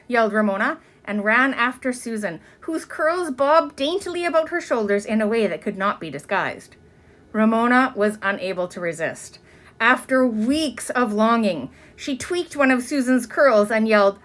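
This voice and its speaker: A woman's voice: on the high side, animated, normal speed, fairly bright tone. A woman reading a children's book aloud, with chatty asides to young listeners.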